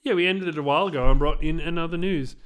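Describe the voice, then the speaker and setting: A man's voice: on the high side, racing, fairly bright tone, slight background noise. A man in his thirties, co-hosting a casual podcast chat with dry, teasing humor. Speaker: podcast co-host.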